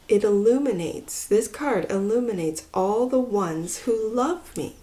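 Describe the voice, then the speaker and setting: A woman giving a pick-a-card tarot reading, talking in a musing way, with phrases that trail off softly. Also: a little high, expressive, measured pace. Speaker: tarot reader.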